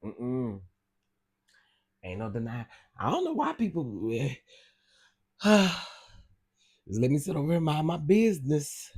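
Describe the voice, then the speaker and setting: A man's voice: a little high, big pitch swings, slow, long pauses, a little mellow, husky. A man hosting a casual livestream, gossiping animatedly and exclaiming straight to his viewers. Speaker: livestream host.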